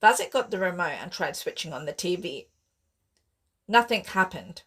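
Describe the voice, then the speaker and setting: Woman reading her horror novel aloud, husky, lowish voice, expressive. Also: normal speed. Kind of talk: audiobook narration.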